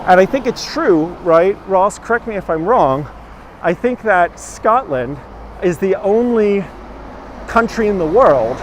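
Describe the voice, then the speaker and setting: A fairly high-voiced man guides a live walking tour, talking in a loose, jokey way and answering comments as he goes. He is outdoors on a village street, and faint traffic hums behind him. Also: expressive, a little slow.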